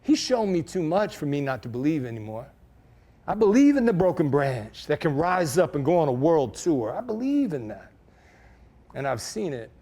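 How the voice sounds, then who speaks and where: A man's voice: on the high side, sing-song, normal speed, mellow. A middle-aged man telling a personal story to an audience in a casual, slangy, conversational way. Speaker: speaker.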